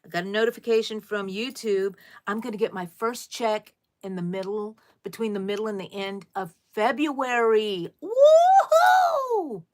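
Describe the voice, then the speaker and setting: A woman's voice: medium pitch, fairly even intonation, a little fast, few pauses. Chatty middle-aged woman hosting a livestream. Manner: chatty, reads viewer comments aloud and answers them; exclamatory, often calls viewers "people". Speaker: crochet livestream host. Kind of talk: casual live chat with viewers.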